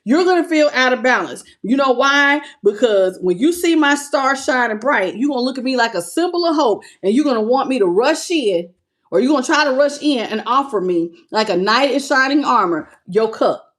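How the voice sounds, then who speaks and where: A woman's voice: high-pitched, lively intonation, moderate pace. A woman giving a live tarot reading, greeting viewers in chat by name and talking in a playful, laughing way. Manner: playful, laughs often and sings snippets. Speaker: tarot reader.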